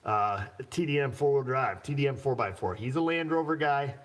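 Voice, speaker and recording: A mechanic hosting a livestream chats casually in a loose, jokey, rambling manner, chuckling often. His voice is medium-pitched at a normal speed.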